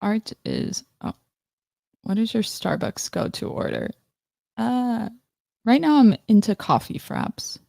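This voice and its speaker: With a medium-pitched, mellow voice marked by vocal fry and huge swings in pitch, a woman speaks slowly as she hosts a casual livestream. She giggles a lot, breaks off mid-sentence, and playfully tries British accents, recorded dry at studio quality.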